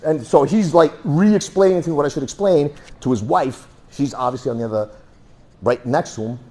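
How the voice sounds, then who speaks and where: Demonstrating moves for his martial arts class in a training room, a man tells stories and punches out sound effects over a worn mic. His mid-range voice is gravelly and darkish in tone, animated and fairly quick.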